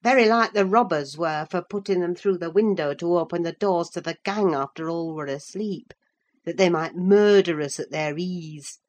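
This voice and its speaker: A woman reading aloud and voicing a rough male servant who speaks bluntly and accusingly. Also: lowish voice, moderate pace, natural voice. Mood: suspicious.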